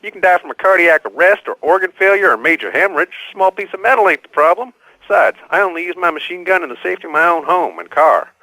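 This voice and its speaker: A man's voice: sits high, lively intonation, fast, sharp tone, no echo, full character voice, low-quality recording. An actor playing a folksy, cheerfully dim gun-loving male caller. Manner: folksy, confident, illogical.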